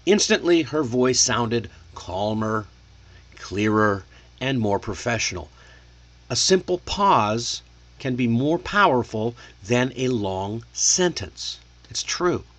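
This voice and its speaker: A man teaching spoken English online, coaching in a deliberate way and showing rising and falling intonation. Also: medium pitch, very animated, fairly bright tone. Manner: coaching, deliberate, checks in with "okay?".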